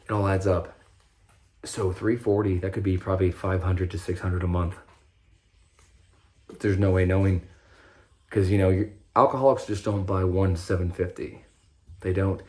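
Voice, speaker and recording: A man's voice: deep voice, fairly even intonation, moderate pace, long pauses, a little mellow. A young man talking in a casual, rambling monologue about his own recovery, swearing freely and often breaking off mid-sentence. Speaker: vlogger sharing his recovery story.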